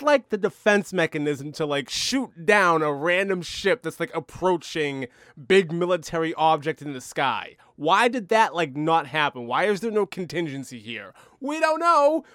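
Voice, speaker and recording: A man's voice: high voice, normal speed, hardly any pauses, no room sound, clean studio sound. A man in casual conversation reviewing a film, ranting with disbelief. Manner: incredulous, animated ranting. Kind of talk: casual movie review chat.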